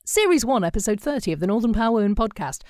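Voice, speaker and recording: A middle-aged woman from England co-hosts a podcast, chatting casually and telling animated stories in which she acts out the voices of the people she quotes. Her medium-pitched voice is quick, a little mellow and lively in intonation, on a dry, clean studio recording.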